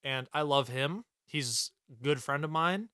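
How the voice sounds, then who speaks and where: A man's voice: on the high side, a little slow, pushed and bright, smooth, no room sound, clean studio sound. A young man co-hosting a podcast in casual chat, jokey and rambling, swearing freely. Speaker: podcast co-host.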